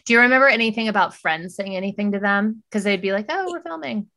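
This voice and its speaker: A middle-aged woman with a mid-range voice chats as a podcast co-host. She tells stories casually, growing animated when she quotes other people. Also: medium pitch, fast talker. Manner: chatty storyteller, animated when quoting others. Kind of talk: casual chat.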